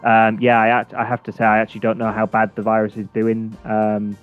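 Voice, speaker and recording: A man's voice: fairly low pitch, monotone, a little fast. A man co-hosting a games chat show, rambling with fillers and restarts and chuckling as he talks. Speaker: co-host. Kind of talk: casual chat. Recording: dull lo-fi sound with faint music.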